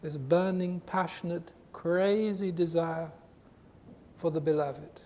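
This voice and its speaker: A man giving an earnest spiritual talk to a group, with emphatic, repetitive phrasing, recorded in a reverberant hall with a faint rumble. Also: fairly even intonation, slow, a little mellow. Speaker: spiritual teacher.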